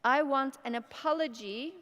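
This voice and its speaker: A woman leading a guided tapping session, speaking slow scripted affirmations between deep sighs and breaths. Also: fairly bright tone. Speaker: EFT tapping practitioner. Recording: long reverb in a hall.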